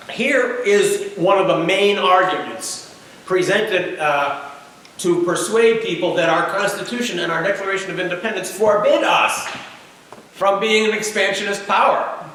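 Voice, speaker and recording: A man giving an author's book talk to an audience in a church meeting house, with dry humor and frequent "uh" pauses. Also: high-pitched, a bit bright. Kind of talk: public lecture with read-aloud quotes. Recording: very echoey hall, distant mic, faint noise.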